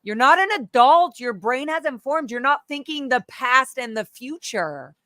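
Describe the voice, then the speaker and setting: A woman speaks as a guest in a candid, animated conversation, sharing her stories. Her voice sits a little high and rings bright and tense, close and dry with no room around it. She swears freely and slips into acted-out voices when she quotes other people. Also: unhurried, no room sound.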